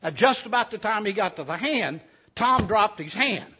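Bright, husky storyteller man. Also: sits high, expressive, moderate pace. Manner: folksy, chatty asides to listeners. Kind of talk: folksy storytelling to a live audience. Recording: dull lo-fi recording.

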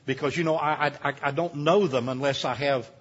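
A man's voice: on the high side, fairly even intonation, fairly quick, dull audio. An older man, speaking as a guest preacher at a camp meeting in a homespun, rambling way with many restarts. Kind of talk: folksy sermon talk.

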